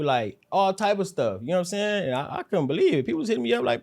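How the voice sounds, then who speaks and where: Man, rapper guest, low mellow voice, near-whisper, laid-back, slangy casual talk. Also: very animated, quick pace, vocal fry. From South Central Los Angeles. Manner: loose slang-heavy talk with frequent fillers. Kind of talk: casual interview chat.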